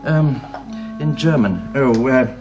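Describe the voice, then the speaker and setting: An actor playing a polite, flustered elderly English gentleman who speaks formally and hesitates often. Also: medium pitch, takes it slowly, over music, natural voice. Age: older. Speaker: grandfather of the household. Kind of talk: 1930s period radio drama.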